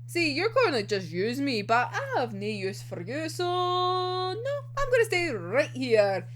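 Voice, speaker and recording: A woman's voice: high-pitched, sing-song, unhurried, slight background noise. A woman voicing a tired, sardonic young male prisoner in a casual, dismissive tone.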